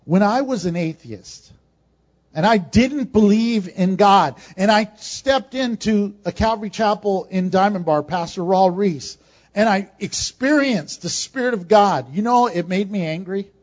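Lively high-voiced preaching man. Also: unhurried. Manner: lively preaching, rising to emphatic peaks and dropping to quiet asides. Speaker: pastor. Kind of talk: sermon. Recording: dull lo-fi sound.

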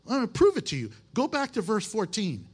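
A man's voice: high-pitched, huge pitch swings, brisk, breathy edge. A man who is a pastor, preaching a conversational, emphatic sermon in a folksy way.

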